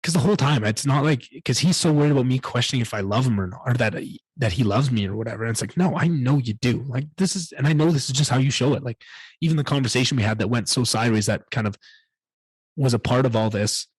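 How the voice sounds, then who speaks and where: A man's voice: mid-range voice, fast talker, slightly rough, no room sound. A man hosting a solo podcast, telling a candid personal story in a rambling way and swearing often. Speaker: podcast host.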